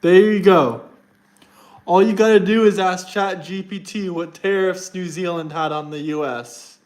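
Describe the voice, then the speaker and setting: Guy with a high voice ranting at his stream chat, mocking and combative, reads stuff out loud slow to make a point. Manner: combative and mocking, reads text aloud to argue. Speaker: livestreamer answering chat. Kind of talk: live stream chat rant.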